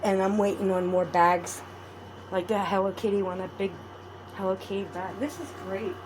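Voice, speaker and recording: A woman's voice: medium pitch, flat delivery, moderate pace, noisy background. A woman chatting casually to her viewers while crafting at home, rambling and friendly. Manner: rambling, chatty, talks to viewers warmly as "adorables". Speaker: vlogger.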